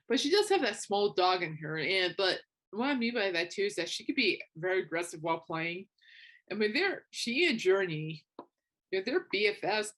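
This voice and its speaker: Young woman podcaster, casual chatty storytelling, a bit low-pitched. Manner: chatty storytelling with animated quoted asides. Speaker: podcast host. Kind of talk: casual chat.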